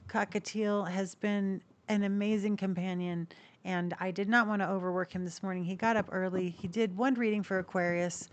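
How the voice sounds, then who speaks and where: A woman hosting a casual tarot video, chatting to camera and cooing at her pet cockatiel in high baby talk. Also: slight background noise. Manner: chatty, with restarts and soft laughs. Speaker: tarot reader and channel host.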